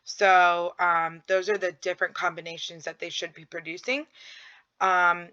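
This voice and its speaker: Bright-voiced woman teaching child development. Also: fairly low pitch, fairly even intonation, normal speed, clean tone. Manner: explanatory, many ums, acts out prompts. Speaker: early childhood educator. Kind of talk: narrated slideshow lesson. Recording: dull lo-fi audio.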